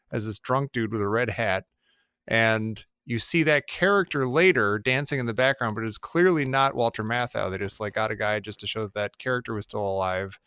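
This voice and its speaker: A man's voice: medium pitch, clear, resonant tone, no room sound, studio quality. A man co-hosting a casual podcast chat, rambling and cutting himself off as he talks. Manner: rambling, self-interrupting, animated. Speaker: podcast co-host.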